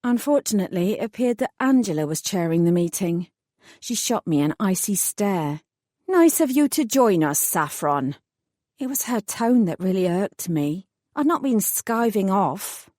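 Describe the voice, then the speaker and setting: A woman reading a first-person fantasy audiobook in a wry, measured storytelling manner. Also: mid-range voice, animated, warm tone, no room sound, clean studio sound. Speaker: audiobook narrator.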